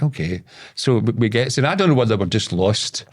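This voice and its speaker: A Scottish man spins a rambling yarn as a podcast guest, his voice sitting on the low side. He swears often and stumbles through repeated words as he goes. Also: expressive, fairly quick. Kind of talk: casual storytelling.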